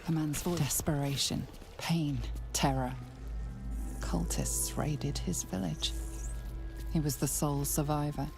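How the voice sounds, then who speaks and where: A woman performing a game's narrator, telling events in a low, hushed storytelling manner, sometimes dropping to a whisper. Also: fairly even intonation, unhurried, gravelly, pauses often. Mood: ominous. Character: ominous female game narrator. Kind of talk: scripted game narration. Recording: narration over loud game music.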